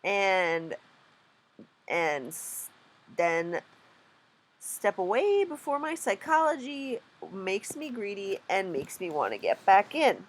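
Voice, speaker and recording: A woman's voice: mid-range voice, big pitch swings, slow pace. A young woman vlogging while day trading, rambling, swearing and laughing at herself in casual chat.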